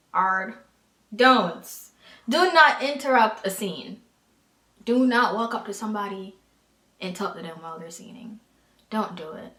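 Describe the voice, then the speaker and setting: A woman's voice: medium pitch, sharp tone, echoey room. An American woman hosting a podcast, giving frank advice in a blunt, profane, exasperated way. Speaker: podcast host.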